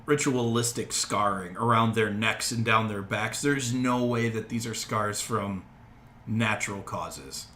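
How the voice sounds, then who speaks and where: A man running a tabletop game with a bright, forceful voice, easygoing and quick to laugh. The recording sits in a roomy, echoey space, with a faint hiss of noise behind him. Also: fairly low pitch. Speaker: game master.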